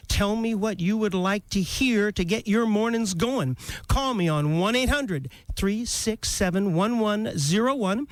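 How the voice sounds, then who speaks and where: A man's voice: sits high, no echo. A man in his fifties hosting a morning radio show, chatting and telling stories with a self-mocking, laughing manner. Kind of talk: casual radio chat and storytelling. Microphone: studio microphone.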